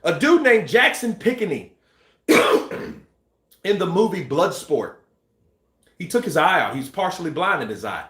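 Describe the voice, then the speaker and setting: A man hosting a boxing news channel, chatting casually and acting out scenes with shouts and sound effects. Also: fairly high pitch, sing-song, a little slow, long pauses, echoey room. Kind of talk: casual live-stream chat.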